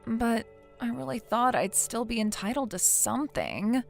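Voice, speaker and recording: A woman's voice: a little high, big pitch swings, moderate pace, creaky, soft background music. A woman voicing a self-pitying young wife in a text-message story, pleading and defensive. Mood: dejected.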